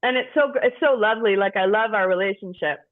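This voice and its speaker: A middle-aged woman with a medium-pitched voice speaks fast as a participant in a group, candidly sharing personal stories. She is frank and profane, rambling and restarting, and the recording sounds tinny, like a phone.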